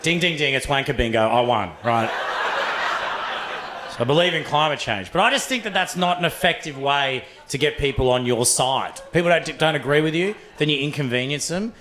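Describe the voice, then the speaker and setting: A young Australian man performing a profane, animated stand-up set in a comedy club, acting out voices as he tells stories. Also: fairly high pitch, normal speed, slight background noise. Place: comedy club stage with laughing audience. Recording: roomy club sound.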